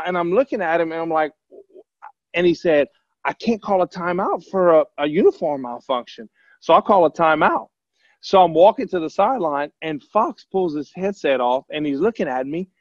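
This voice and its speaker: A man's voice: fairly high pitch, animated, moderate pace, no echo. Easygoing man spinning a story, dry lo-fi. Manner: easygoing, rambling storyteller with many fillers. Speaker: former quarterback guest. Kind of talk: casual anecdote telling. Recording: dull lo-fi, dry sound.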